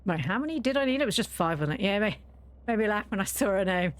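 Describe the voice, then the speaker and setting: While she plays a game on stream, this woman tells stories and chats casually, laughing often partway through. She's a fast talker with an animated, medium-pitched voice.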